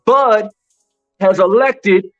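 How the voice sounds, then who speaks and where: A man's voice: high voice, extremely slow, fairly bright tone. A man hosting a live-stream boxing commentary show, talking emphatically to his chat, repeating his points and saying "bro" a lot. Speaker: boxing commentary channel host. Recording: dull lo-fi with faint music.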